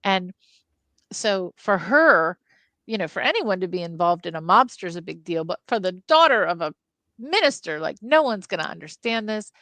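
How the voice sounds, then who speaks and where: A woman co-hosting a casual film podcast, retelling book scenes with lively storytelling. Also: fairly low pitch, normal speed, dry recording. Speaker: film club podcast co-host.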